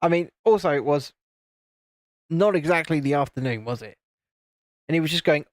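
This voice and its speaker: A man's voice: a little fast, pauses often, no echo. A man from the UK casually chatting on a live stream while building LEGO, teasing his friends and reading out viewer comments. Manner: mimics friends in higher voices.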